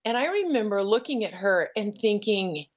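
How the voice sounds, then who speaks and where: A middle-aged woman shares her story as a guest, earnest and emotional, with frequent pauses. Her voice sits in a middle pitch, and the audio is dull and lo-fi. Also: sing-song. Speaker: guest, ranch founder. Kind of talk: personal testimony.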